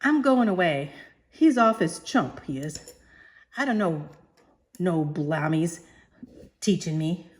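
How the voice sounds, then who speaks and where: A woman voicing a poor, defiant young flower girl who talks in a shrill, pleading, stubborn way. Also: expressive, slow pace, pauses often. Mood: indignant.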